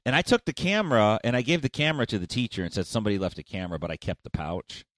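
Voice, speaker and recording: Middle-aged guy, deep voice but really lively, swearing a lot in loose podcast chat, dry sound. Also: rapid-fire, no echo. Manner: profane, storytelling, chatty. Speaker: podcast co-host. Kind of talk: casual chat.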